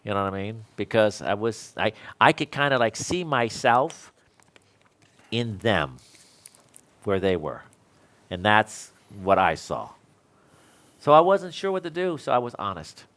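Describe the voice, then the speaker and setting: A man's voice: lowish voice, very animated, measured pace, long pauses, fairly bright tone. A man in his sixties, an electrical code instructor, talking casually with fellow instructors in a rambling, self-deprecating way and laughing often.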